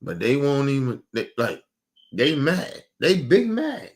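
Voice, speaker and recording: A man's voice: medium pitch, huge pitch swings, slow. Man ranting heatedly on a stream. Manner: heated, profane, repetitive ranting. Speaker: stream host. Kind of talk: casual stream rant.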